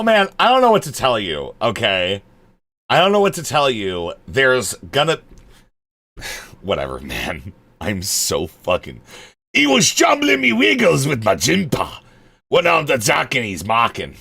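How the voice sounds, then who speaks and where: A man's voice: fairly low pitch, creaky, a bit bright. A male streamer reading out his chat and answering it, exasperated and swearing, trailing off into muttered asides.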